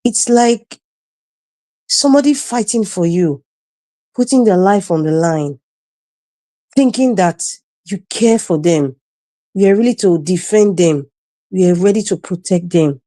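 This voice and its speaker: A woman's voice: fairly low pitch, lively intonation, measured pace, long pauses, dark tone, no echo. A woman with a Nigerian accent speaking as a panelist on a video call, giving impassioned political commentary, indignant and emphatic, repeating her phrases.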